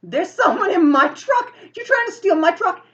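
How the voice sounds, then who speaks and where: A woman voicing an angry male truck driver who yells at people. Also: extremely high pitch, expressive, moderate pace, lo-fi sound, pitched above the performer's own voice. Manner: hostile yelling.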